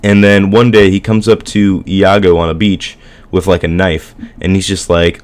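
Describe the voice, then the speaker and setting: Low-voiced guy casually retelling a story. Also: flat delivery, moderate pace. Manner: rambling, filler-heavy, slangy. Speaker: student presenting a school project.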